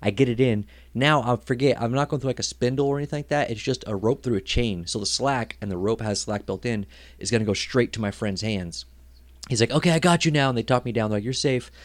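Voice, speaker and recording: A young man co-hosting a casual podcast chat, telling stories with loud, lively outbursts. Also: mid-range voice, fairly quick. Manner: animated storyteller, loud outbursts when acting out scenes. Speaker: podcast co-host.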